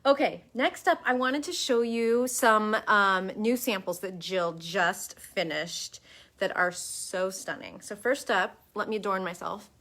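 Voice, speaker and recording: Bright-voiced chatty woman shop host. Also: medium pitch, measured pace. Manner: chatty, enthusiastic, lots of fillers. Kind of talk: casual live-stream chat.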